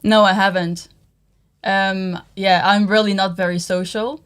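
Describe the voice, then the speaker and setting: A young woman from the Netherlands, talking in a casual livestream chat, soft-spoken and thoughtful. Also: mid-range voice, level tone, a little slow, smooth. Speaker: co-host, partner.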